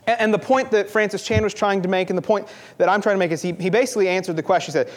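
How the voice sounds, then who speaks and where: A man's voice: high-pitched, steady tone, very fast. A young man preaching a sermon in an earnest, conversational way, often repeating himself for emphasis.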